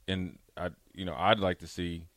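A man's voice: low voice, little pitch movement, moderate pace, a bit bright, dry recording, clean studio sound. A man co-hosting a sports radio show, talking football in a laid-back, earnest, colloquial way. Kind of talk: casual sports talk.

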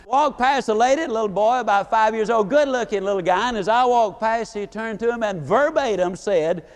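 A man giving a live motivational speech, folksy and animated, acting out quotes as he tells stories. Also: high voice, brisk, few pauses. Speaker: motivational speaker.

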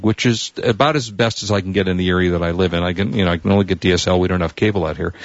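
A man's voice: fairly low pitch, dry recording. A man hosting a tech news show, telling a rambling story and acting out the people he quotes. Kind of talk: casual chat, long anecdote. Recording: dull lo-fi dry sound.

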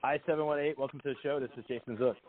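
A man hosts a call-in psychic show, talking fast and in a reassuring way. He keeps repeating his phrases. The sound is thin and phone-like. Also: mid-range voice, steady tone. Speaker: psychic radio host. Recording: tinny phone line.

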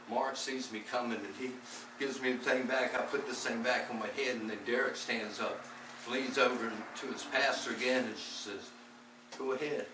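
A man giving an earnest, rambling testimony about his faith, often repeating words as he tells the story. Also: mid-range voice. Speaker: lay preacher. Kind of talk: testimony-style faith talk. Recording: echoey distant recording with background noise.

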